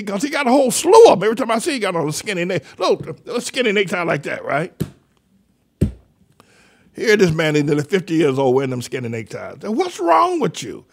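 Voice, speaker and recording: An older man hosting a talk show, delivering rambling, mocking political commentary that trails off and restarts mid-sentence. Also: on the high side. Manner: mocking, sardonic. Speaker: radio show host.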